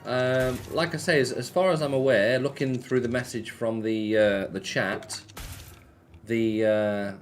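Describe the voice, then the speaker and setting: A man's voice: mid-range voice, fairly even intonation, a little slow, faint music behind. A man hosting a casual live stream, chatting offhandedly and answering viewer messages. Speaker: slots streamer.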